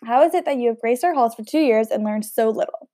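A woman's voice: on the high side, animated, fast talker, mellow, lightly acted. A woman voicing a strict, sarcastic older woman who teaches etiquette, speaking in a cold, cutting way. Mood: stern.

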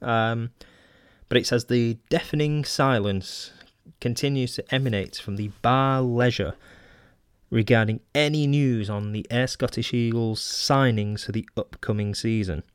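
A man talks through old magazine clippings on his own podcast, stopping for ums, restarts and wry asides between the read passages. His voice sits at an ordinary middle pitch for a man. The recording is dry and close, with no room sound around it. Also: a little slow, smooth, no room sound. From Manchester, England. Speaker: podcast host. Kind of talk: casual solo podcast reading old magazine articles aloud.

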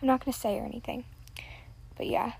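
A woman's voice: on the high side, steady tone, quick pace, creaky, darkish tone, whispered. A teenage girl hosting a podcast, rambling casually, full of "like" and self-deprecating asides, on a built-in device mic. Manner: chatty, filler-heavy, self-deprecating. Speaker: podcast host.

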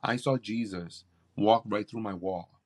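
A man, a campus pastor, telling a personal testimony in conversation, animated and acting out what others said. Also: fairly low pitch, measured pace. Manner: animated storytelling, acts out quoted voices.

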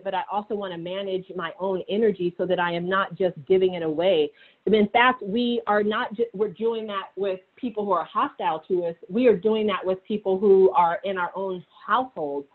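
An earnest woman speaks warmly to listeners on a call, urging them to reflect. The sound is narrow and muffled, like a phone line. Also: medium pitch, fairly quick. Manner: earnest, encouraging. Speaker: co-host.

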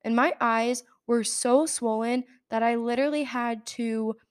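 A woman's voice: fairly high pitch, steady tone, unhurried, smooth. A young adult woman hosting a podcast, telling a personal story in a rambling, casual way full of fillers and restarts. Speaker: podcast host.

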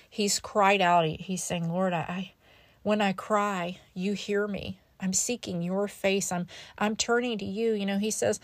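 An earnest woman reads scripture aloud and reflects on it, the way a devotional podcast host would. Her voice sits at an ordinary pitch, close and dry with no room around it, and she sometimes repeats a word as she gathers her thoughts. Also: steady tone, unhurried, no room sound. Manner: earnest, stumbles over repeated words.

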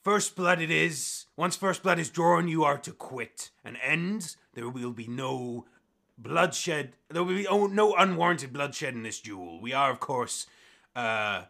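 A man voicing a stern, commanding pirate captain in a tabletop game, with loud, formal, drawn-out announcements. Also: on the high side, animated, gravelly, full character voice.

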